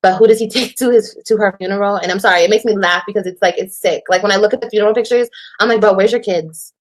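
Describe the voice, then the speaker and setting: A woman telling her side of a breakup on a livestream in an animated, profane way, repeating lines for emphasis. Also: medium pitch, racing. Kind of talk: casual livestream storytelling.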